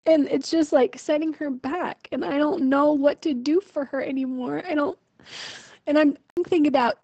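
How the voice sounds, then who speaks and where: A woman's voice: sits high, fairly even intonation, normal speed, a little mellow, no echo, poor audio. A young woman venting her frustration in a personal video diary, emotional and full of fillers. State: pregnant. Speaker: vlogger.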